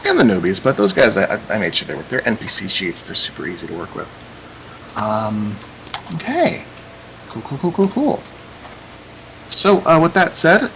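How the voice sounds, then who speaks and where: A man hosts a casual tabletop game as its game master. He talks in a loose, rambling way, and his pitch swings up and down a lot. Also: creaky, a bit bright, slight background noise, poor audio. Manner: chatty, meandering, repeats "cool".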